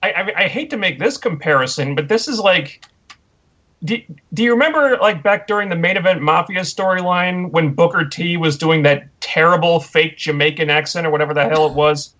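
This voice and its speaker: A man's voice: fairly high pitch, fairly quick, pushed and bright. A man co-hosting a casual wrestling podcast, ranting with mocking disbelief. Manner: incredulous, mocking rant. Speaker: podcast co-host. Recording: dull lo-fi audio.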